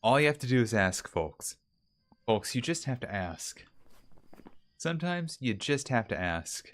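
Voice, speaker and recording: Unhurried and a bit bright, this man's mid-range voice swings widely in pitch. While streaming a ghost-hunting game with mild allergies, he chats easily with his audience, mutters to himself, and poses questions to the ghost.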